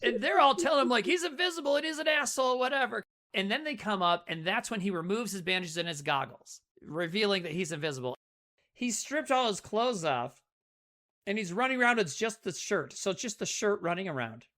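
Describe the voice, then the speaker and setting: Lively, swearing woman podcast co-host. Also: mid-range voice, a little fast. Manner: animated, profane movie recap full of acted quotes. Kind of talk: casual chat.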